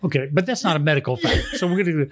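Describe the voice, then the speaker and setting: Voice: medium pitch, very fast, a little hiss or hum. A podcast co-host, teasing in a dry way. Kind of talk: casual chat.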